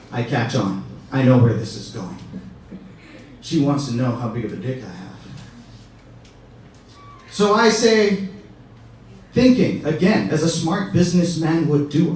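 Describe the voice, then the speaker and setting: High-voiced male comic in an echoey room. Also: big pitch swings, a little slow, pauses often, a little mellow, a little hiss or hum. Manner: conversational, keeps asking "right?". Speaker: stand-up comedian. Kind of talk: stand-up routine. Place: comedy stage with live audience. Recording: echoey room, distant mic.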